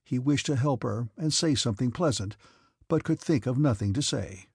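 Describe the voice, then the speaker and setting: Male audiobook narrator, gravelly, husky, calm measured reading, dry close sound. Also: medium pitch, no echo. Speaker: audiobook reader. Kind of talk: audiobook narration of a classic novel.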